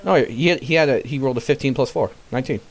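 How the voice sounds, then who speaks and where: A man's voice: mid-range voice, racing. Laid-back man running a tabletop game. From Tennessee. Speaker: game master.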